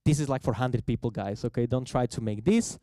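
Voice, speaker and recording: A man giving a festival talk on the history of coffee cocktails, telling it as a lively story in non-native English. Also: mid-range voice, a little fast, no echo. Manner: lively storyteller who acts out quoted voices.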